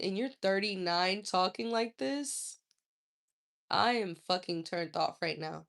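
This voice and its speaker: A woman's voice: medium pitch, big pitch swings, measured pace, vocal fry. A woman hosting a casual live stream, answering viewer comments in a blunt, profane, scolding way.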